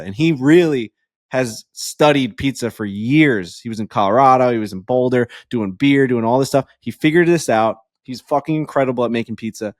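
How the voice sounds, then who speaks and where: A man co-hosting a podcast, telling a story in a casual, excitable way and swearing freely. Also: medium pitch, normal speed, no room sound, clean studio sound. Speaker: podcast co-host. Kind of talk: casual chat.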